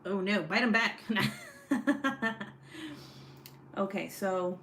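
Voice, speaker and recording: Speaking very slowly at a medium pitch with a fairly bright tone, a young woman chats casually on her true crime livestream from a home desk. She curses without restraint and reads audience comments aloud offhandedly, while a faint hiss runs under the phone or webcam audio.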